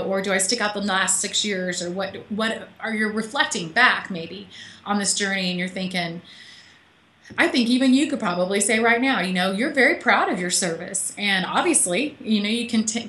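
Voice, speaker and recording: Chatty bright-voiced woman on a call. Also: mid-range voice, echoey room, a little hiss or hum. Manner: chatty, laughing, emotional. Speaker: author guest. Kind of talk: casual interview on a call. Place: home office. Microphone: call audio.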